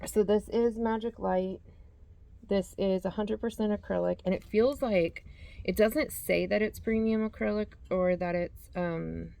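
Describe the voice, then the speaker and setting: A woman's voice: mid-range voice, fairly even intonation, a little slow, gravelly, warm tone, no echo. A woman hosting a yarn vlog, chatting casually as she reads out yarn labels and corrects herself as she goes. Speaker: yarn channel host. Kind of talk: casual show-and-tell vlog.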